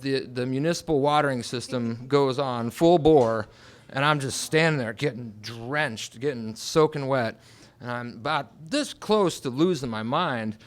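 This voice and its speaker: A man telling a personal story at a live storytelling night in a restaurant, swinging dramatically between hushed and loud. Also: mid-range voice.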